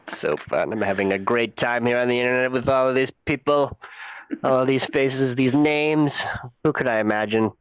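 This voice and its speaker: A man's voice: medium pitch, normal speed, smooth, no echo, low-quality recording. Dry-sounding man doing stand-up on video. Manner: rambling, self-mocking, sudden loud jumps into voices. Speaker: stand-up comedian. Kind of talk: stand-up set over a video call. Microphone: video call.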